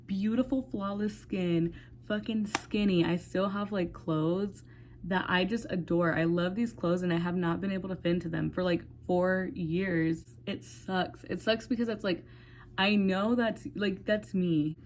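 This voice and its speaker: A woman's voice: lowish voice, fairly even intonation, unhurried, a little mellow, a little hiss or hum. A woman in her twenties talking candidly to her phone in a rambling, casual vlog, swearing freely and saying "like" often. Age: 20s. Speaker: vlogger. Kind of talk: casual talk to camera.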